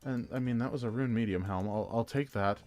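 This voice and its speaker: A man's voice: mid-range voice, a little fast, a little mellow. A Canadian man streaming a game, chatting in a jokey, rambling, self-deprecating way. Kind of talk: casual game-stream chat.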